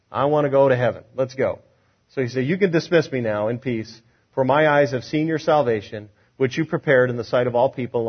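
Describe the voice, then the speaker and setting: Husky-voiced man preaching a sermon. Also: fairly high pitch, dull audio. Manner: preaching with rhetorical questions, acting out quotes. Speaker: pastor.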